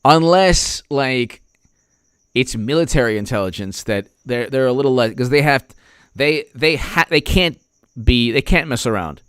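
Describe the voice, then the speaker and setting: A male political commentator who rambles and jabs sarcastically, often breaking off and restarting. His pitch swings a lot, at a middling level. The sound is dry and close. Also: lively intonation, unhurried, a bit bright, clean tone, no room sound.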